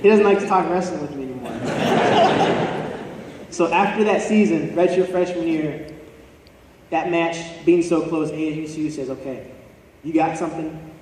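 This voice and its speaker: A man's voice: a little high, moderate pace, long pauses, background noise. A young man giving a motivational talk to an audience, telling a personal story earnestly with touches of self-deprecating humor. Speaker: motivational speaker. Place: large hall before an audience. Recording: echoey hall recorded from far off.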